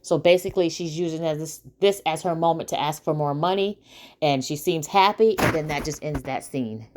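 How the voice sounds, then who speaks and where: Chatty woman with a lowish voice. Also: normal speed, background noise. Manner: chatty, many um fillers, asides to viewers. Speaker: TV episode recap host. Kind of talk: casual spoken recap.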